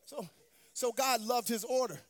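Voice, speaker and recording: High-voiced preacher in a reverberant church. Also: male voice, a little slow. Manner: sing-song preaching cadence, calls to the congregation. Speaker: pastor. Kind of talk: sermon. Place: church sanctuary. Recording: long hall reverb with faint music.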